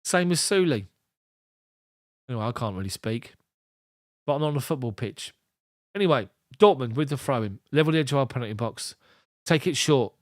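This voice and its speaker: A man's voice: medium pitch, lively intonation, normal speed, pauses often, dry recording, studio quality. A man doing live ball-by-ball match commentary as a fan streamer, giving clipped play calls broken up by chatty asides.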